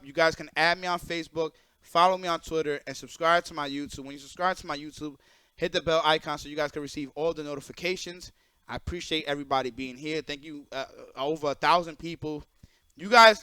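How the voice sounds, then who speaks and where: A young man on a livestream rants bluntly and swears freely, with a high, bright voice. The sound is dry and close. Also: smooth, no echo. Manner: profane, animated, blunt. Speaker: streamer and event organizer. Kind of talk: casual livestream rant.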